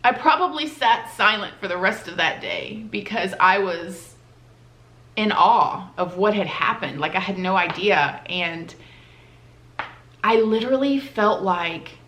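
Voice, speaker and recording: A woman's voice: on the low side, expressive, slow pace, a bit bright. A woman telling a personal story on her vlog in a casual, heartfelt, conversational way. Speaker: vlogger. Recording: roomy echoey room.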